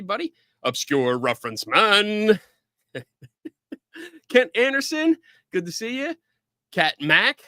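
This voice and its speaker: A middle-aged man hosting a casual live stream, excitably greeting viewers by name in quick asides. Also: on the high side, dry recording, studio quality.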